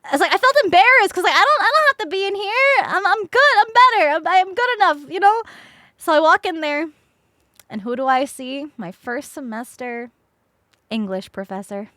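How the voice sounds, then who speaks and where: Animated, high-voiced young woman streamer. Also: normal speed, no room sound, clean studio sound. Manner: animated, laughs often, swears freely. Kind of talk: casual storytelling to a chat.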